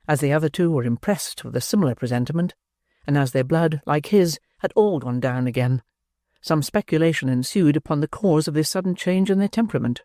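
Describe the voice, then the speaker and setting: A man narrating an audiobook of a classic novel with a measured, expressive reading. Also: a little high, dry recording, clean studio sound. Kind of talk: scripted narration.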